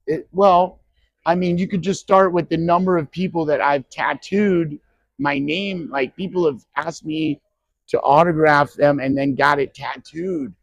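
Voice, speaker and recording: A man around sixty telling stories from his acting past in an interview, animated and quick to act out what others said. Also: on the high side, vocal fry, no room sound, dull audio. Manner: animated, acts out quoted voices, frequent restarts. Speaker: actor guest at a horror convention. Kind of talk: anecdotal interview storytelling. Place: convention interview.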